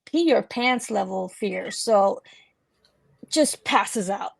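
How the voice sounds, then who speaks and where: Slow, gravelly-voiced woman running a game. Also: mid-range voice, expressive. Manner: giggly, lots of fillers. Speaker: game master. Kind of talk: narrating a tabletop game.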